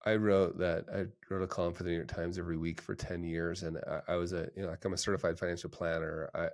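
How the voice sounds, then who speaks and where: A man's voice: sits low, level tone, fast talker. A middle-aged man hosting a podcast interview, talking casually, restarting his sentences often and livening up when he retells stories. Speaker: podcast host, financial planner.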